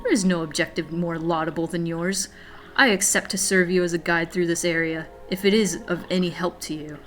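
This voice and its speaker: A grand, courtly talking cat from a game, all flowery formal phrases and polite ceremony, as a woman reads him out. The voice sits fairly low and even, with faint music underneath. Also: brisk, close to an everyday voice. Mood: pompous, courtly. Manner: ornate, formal, flowery speech. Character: pompous, courteous talking cat guide, male.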